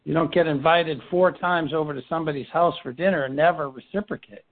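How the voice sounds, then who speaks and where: A man's voice: on the high side, fairly even intonation, fast. Man coaching a team over a phone line. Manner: repetitive restarts, rhetorical questions. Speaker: firm leader running a team meeting. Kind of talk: coaching talk in a business meeting. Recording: tinny phone-line sound.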